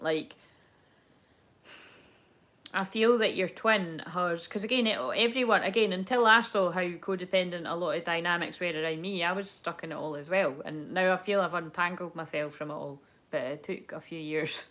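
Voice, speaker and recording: A woman's voice: on the low side, fairly bright tone. A young adult woman giving a casual tarot reading, talking in a candid, rambling way and cursing freely. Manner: rambling, candid, swears and laughs often. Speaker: tarot card reader.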